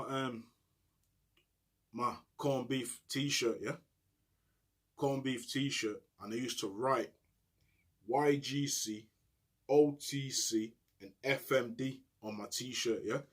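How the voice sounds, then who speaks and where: Middle-aged man, husky and mid-pitched, telling a story in street slang. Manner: street slang, repeats "you get me, G". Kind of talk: casual storytelling monologue.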